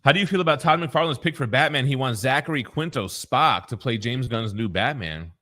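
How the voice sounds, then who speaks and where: A man's voice: medium pitch, expressive, a little fast, a bit bright. A man hosting a casual talk show, easygoing and teasing, laughing often and reading out viewer comments. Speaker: host.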